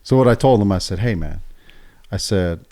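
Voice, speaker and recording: Middle-aged man, low-ish voice, swearing, lively storyteller who voices the people in his anecdote. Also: fast talker. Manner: profane, animated, acts out quoted dialogue. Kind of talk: casual storytelling on a podcast.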